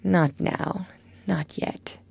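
A woman reading aloud, voicing a gentle, frail young girl who speaks softly and falls into hushed whispers. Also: lowish voice, steady tone, extremely slow, vocal fry, husky, no echo, exaggerated voice. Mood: tearful hushed. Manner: soft, hushed, breaking into whispers.

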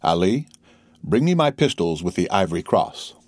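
A man voicing a proud, vengeful nobleman in an audiobook, speaking with cold, measured irony. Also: low-pitched, big pitch swings, dry recording, clean studio sound. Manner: cold, measured, bitterly ironic. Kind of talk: audiobook character reading.

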